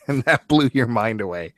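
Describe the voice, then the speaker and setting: A man's voice: mid-range voice, no echo, clean studio sound. A man hosting a podcast, chatting casually and teasing his co-host, laughing often. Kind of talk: casual chat.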